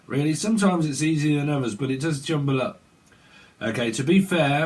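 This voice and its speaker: A man's voice: fairly high pitch, animated, normal speed. A man giving a rambling, joking tarot reading, swearing and laughing at himself. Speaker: tarot reader. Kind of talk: casual tarot reading monologue.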